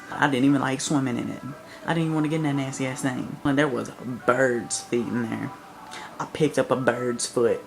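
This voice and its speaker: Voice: mid-range voice, creaky, slight background noise, low-quality recording. A vlogger from the American South with a Southern accent, delivering a blunt, sarcastic, profane comic rant to camera.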